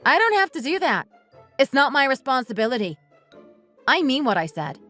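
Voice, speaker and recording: A woman's voice: high-pitched, sing-song, moderate pace, fairly bright tone, soft background music. A woman voicing a bitter, resentful wife who bluntly accuses her husband and wants a divorce. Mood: accusing. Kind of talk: text-message story dramatization.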